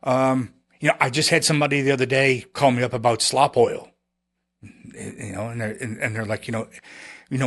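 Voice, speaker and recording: Halting, storytelling businessman. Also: mid-range voice, fairly even intonation, gravelly, a bit bright. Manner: rambling, halting, with many restarts and quoted dialogue. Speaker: podcast guest, chemical company founder. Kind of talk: casual storytelling interview.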